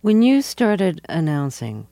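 A woman's voice: fairly low pitch, very animated, takes it slowly, creaky, mellow, no echo. A woman hosting an interview, asking curious, playful questions. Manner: curious, playful, laughs easily. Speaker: interviewer, host. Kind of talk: radio interview.

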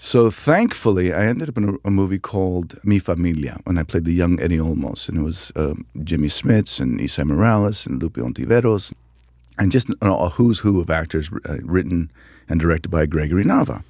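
A man from the United States, an actor guest telling stories in an interview, animated and laughing, often acting out quotes. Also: low voice, fairly quick, no room sound, studio quality. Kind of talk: casual interview storytelling.

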